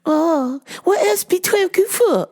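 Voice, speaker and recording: A woman voicing a fussy older female customer who keeps asking questions in high, slow, broken English. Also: expressive, a little mellow, exaggerated voice. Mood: fussy, insistent.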